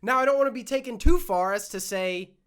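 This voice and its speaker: A man's voice: very high voice, fairly quick, fairly bright tone, clean tone. A young man hosting a solo podcast, ranting in a worked-up way and swearing often, his throat scratchy and prone to coughing. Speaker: podcast host.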